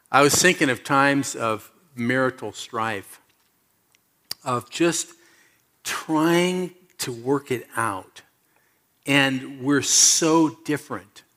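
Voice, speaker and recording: A middle-aged man preaching a sermon, telling personal stories, moving from loud animated moments to soft low asides. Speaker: pastor.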